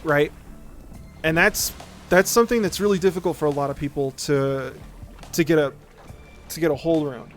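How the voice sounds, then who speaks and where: A man's voice: on the high side, normal speed, long pauses. Chatty streamer man explaining music theory. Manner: rambling, repeats words, says "right?" often. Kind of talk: casual explaining while gaming.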